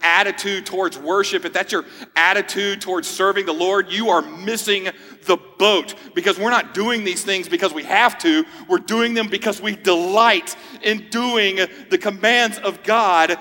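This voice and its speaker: A man's voice: high voice, normal speed, sharp tone, long reverb tail. A man in his thirties, a pastor, preaching a sermon in a conversational way with joking asides. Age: 30s.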